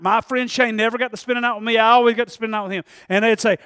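A man preaching a sermon in church, talking conversationally, laughing often and building to shouts. His voice sits very high for a man. The recording is close and dry. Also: fairly even intonation, very fast, hardly any pauses, clean tone, no echo.

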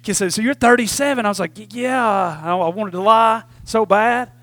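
A man's voice: high voice, moderate pace, fairly bright tone, dry recording. A man preaches a sermon. He speaks in a folksy, conversational way and keeps asking the congregation "Amen?" between points. His voice is recorded close and dry. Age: 40s. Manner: call-and-response preaching, repeatedly asking "Amen?"; folksy Southern phrasing with "y'all". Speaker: pastor.

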